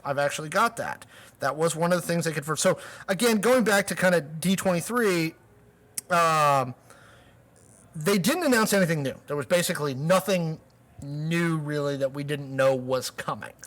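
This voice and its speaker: A man's voice: fairly high pitch, moderate pace, fairly bright tone. A man hosting a live streamed talk show, rambling and joking while reading the chat. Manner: rambling, jokey, talks to chat.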